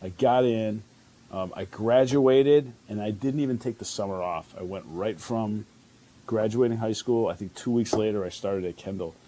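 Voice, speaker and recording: Low-voiced man telling stories. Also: normal speed, warm tone, slight background noise. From Chicago. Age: 50s. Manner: rambling, many fillers and restarts. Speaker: chef, interview guest. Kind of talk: casual interview storytelling.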